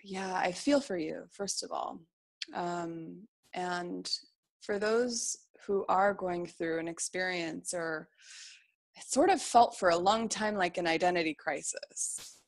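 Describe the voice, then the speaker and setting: A woman's voice: lowish voice, slow pace, vocal fry. A woman being interviewed, talking earnestly and encouragingly about feelings and beliefs, often voicing inner thoughts as quotes. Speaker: interview guest. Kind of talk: reflective interview talk.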